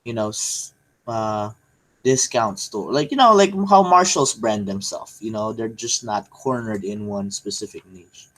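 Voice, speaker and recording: A man's voice: on the low side, unhurried, fairly bright tone. A man co-hosting a casual chat, rambling with lots of fillers and joking around. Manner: rambling, filler-heavy, playful. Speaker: podcast co-host.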